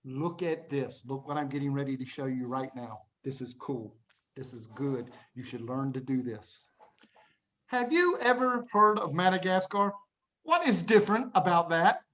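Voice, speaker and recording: A man teaching English writing to a class of young students, playful and animated, acting out examples and hushing the class now and then. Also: a little high, moderate pace. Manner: playful, animated, acts out examples in little voices; talks to young students, often hushes the class. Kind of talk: classroom lesson to children.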